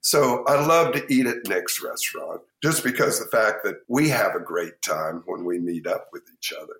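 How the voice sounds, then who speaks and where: An older man with a Texan accent, a chef telling lively anecdotes in an interview and acting out the people in them. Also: fairly low pitch, moderate pace. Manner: lively anecdotes, acts out quoted voices. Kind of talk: storytelling interview. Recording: echoey room.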